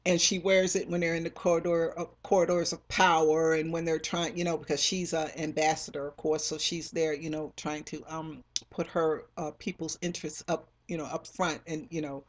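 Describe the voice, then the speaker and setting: Novelist chatting about their books, lots of um and you know, middle pitch, jumps into the characters' voices. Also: fairly even intonation, normal speed. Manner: rambling, many fillers and restarts; acts out characters' lines when retelling scenes. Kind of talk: casual talk about own novels.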